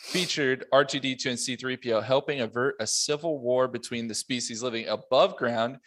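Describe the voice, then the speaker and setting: Brisk laughing man hosting a podcast. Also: medium pitch, fairly bright tone. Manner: brisk, reads notes, laughs often. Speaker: podcast host. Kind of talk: casual roundtable chat.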